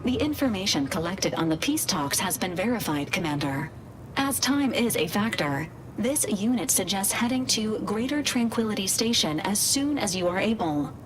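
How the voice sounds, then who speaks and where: A woman's voice: mid-range voice, lively intonation, normal speed, lightly acted. Woman as precise female ship AI, game voice, formal briefing tone, crowd chatter behind. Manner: crisp formal military briefing tone. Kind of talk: video game voice acting.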